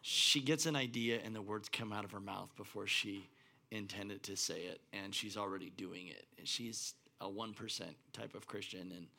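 Gravelly, bright-toned male pastor. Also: lowish voice, normal speed. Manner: loose, conversational, many fillers. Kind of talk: casual pulpit remarks.

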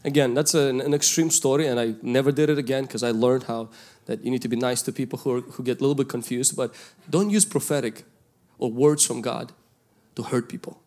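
A male pastor, preaching a sermon and telling a story from his youth, swinging between loud calls and hushed asides. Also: mid-range voice, fairly quick. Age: 20s at the time of the story, now older.

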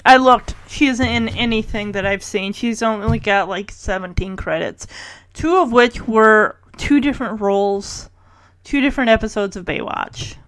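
A woman recapping a TV episode in a casual, animated way, laughing often and acting out the characters' lines. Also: fairly high pitch, moderate pace. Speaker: recap podcast host.

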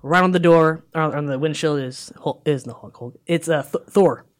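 A man casually retelling a movie plot in a chat, animated and full of fillers, slipping into put-on voices for the characters. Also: on the high side, moderate pace. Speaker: film recapper.

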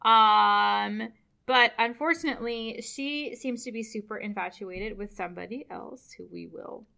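A woman's voice: a little high, measured pace, gravelly, sharp tone. A woman hosting a casual chat, retelling an opera plot and laughing often. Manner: laughs often, chatty storytelling.

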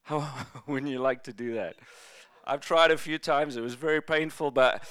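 A man's voice: medium pitch, moderate pace, clean tone, no echo. A male pastor preaching a sermon in a church, telling stories and slipping in jokes. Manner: jokey, lively storytelling preacher.

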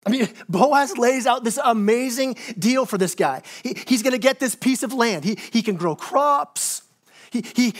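A male pastor preaching in a church, his voice sitting high for a man. He tells the story with animated, acted-out quotes, often stumbling over and repeating his words. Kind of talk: sermon. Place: church sanctuary.

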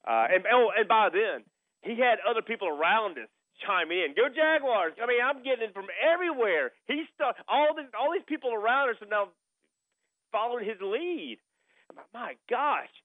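A man's voice: sits high, big pitch swings, moderate pace, no room sound. A middle-aged man hosting a sports radio show, telling a story in a casual chat and repeating himself as he goes. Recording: phone-like radio broadcast sound.

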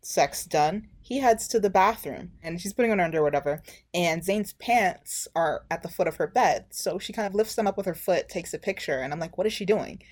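A woman's voice: fairly low pitch, brisk, hardly any pauses. A woman co-hosting a podcast, casually retelling a reality show episode and acting out what people said. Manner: animated retelling, acting out quotes. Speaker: podcast co-host.

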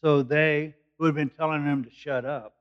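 A man's voice: on the high side, fairly even intonation, moderate pace, clean tone, muffled recording. A man teaching through a Bible passage verse by verse, explaining in a conversational, thinking-aloud way. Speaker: preacher.

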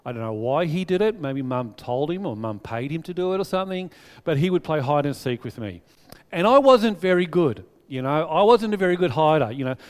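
Chatty storytelling preacher in a reverberant hall. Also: male voice, high voice, smooth. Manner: chatty and animated, telling stories to the congregation. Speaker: pastor. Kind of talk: sermon. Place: church hall. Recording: long reverb of a large hall.

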